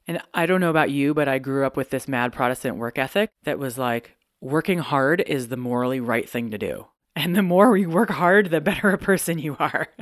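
Brief: candid, chatty solo podcast host, mid-pitched voice, close and dry. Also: no room sound. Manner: chatty and candid, laughs often.

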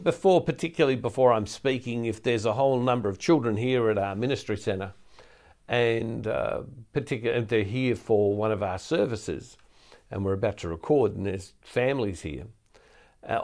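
An older man delivers a recorded teaching talk from a ministry studio, in the role of a Catholic preacher. He talks in a relaxed, conversational way, often restarting phrases and repeating words. His voice sits at an ordinary middle pitch for a man. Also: moderate pace.

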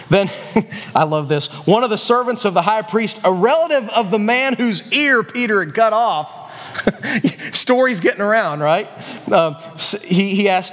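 A man's voice: high voice, expressive, moderate pace, fairly bright tone, big-room sound. A man with a West Virginian accent preaching a sermon in a chatty, conversational way, full of restarts and asides to the audience. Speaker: youth pastor.

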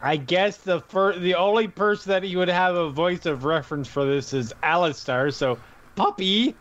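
A man's voice: high-pitched, steady tone, moderate pace, fairly bright tone, highs cut off. A man playing a tabletop game, describing his character's actions in a laid-back way with short replies. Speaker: player.

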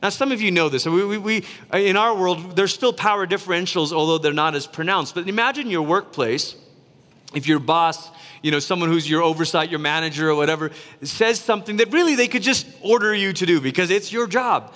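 A man from Malaysia preaching a sermon in a lively, conversational way, acting out quotes as he goes. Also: sits high, fairly quick, in a large hall. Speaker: pastor.

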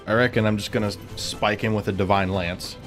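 A man playing a tabletop game, relaxed and matter-of-fact as he talks through his turn. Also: fairly low pitch, a little fast, music in the background. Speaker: player. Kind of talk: casual chat at a tabletop game.

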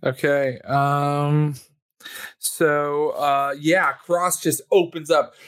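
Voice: medium pitch, level tone, drawn-out words, a bit bright, smooth, no room sound. A game master narrating a tabletop game in a loose, rambling way, full of ums and likes. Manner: rambling, many ums and likes, laughs often.

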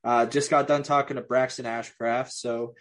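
A man's voice: mid-range voice, level tone, moderate pace, fairly bright tone. A man co-hosting a casual podcast, joking, laughing often and drifting into tangents. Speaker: podcast co-host. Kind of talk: casual chat.

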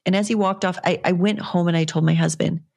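A young woman hosts her own fitness podcast, talking on her own in a rambling, earnest and encouraging way. Her voice sits low, with a gravelly fry running through it. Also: fairly even intonation, quick pace, a little mellow. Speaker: fitness coach and podcast host. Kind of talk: casual solo podcast monologue.

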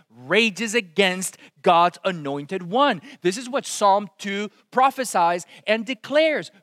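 Animated high-voiced male preacher. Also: no echo, studio quality. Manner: animated, swinging from loud exclamations to hushed intensity. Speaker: pastor. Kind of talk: sermon.

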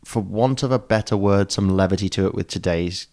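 A man's voice: deep voice, a little fast, darkish tone. A man with an Australian accent hosting a casual podcast chat, rambling and joking with plenty of ums. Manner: rambling, jokey, many ums. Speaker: podcast host.

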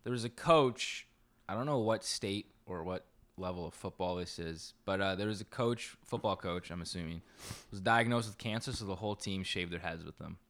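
A man's voice: low-pitched, moderate pace, fairly bright tone. A young man co-hosting a podcast in casual chat, laid-back and jokey, swearing freely. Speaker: podcast co-host.

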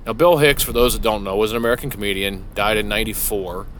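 A man's voice: on the low side, flat delivery, fast talker, fairly bright tone, a little hiss or hum. A middle-aged man hosting a solo podcast from his vehicle, talking casually and profanely with frequent restarts. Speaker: podcast host. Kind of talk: rambling solo podcast monologue. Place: inside a parked vehicle.

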